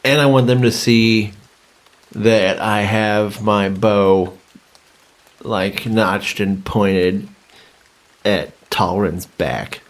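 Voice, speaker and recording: A man playing his character at a tabletop game, talking in a deliberate, halting way. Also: on the low side, steady tone. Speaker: player.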